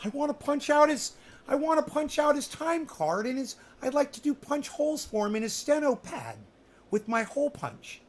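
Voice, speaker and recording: This man's voice is very high-pitched and very animated, moving at a normal speed. Hosting a livestream, he delivers a rambling rant full of profanity and sarcasm as casual chat.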